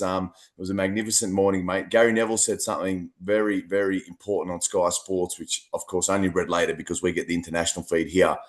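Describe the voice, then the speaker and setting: A very low-voiced Australian man chats as a podcast co-host. He talks in an animated, rambling way and doubles back on his words. The tone stays casual and friendly. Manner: animated, chatty, repeats words.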